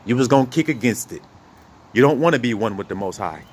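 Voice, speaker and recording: A man preaching an informal sermon in an animated, conversational way, often asking his listeners rhetorical questions. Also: mid-range voice, fast talker.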